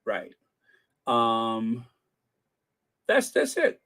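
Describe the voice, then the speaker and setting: A man's voice: medium pitch, wildly swooping pitch, extremely slow, fairly bright tone. An older man hosting a casual livestream, rambling with jokey asides. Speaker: channel host.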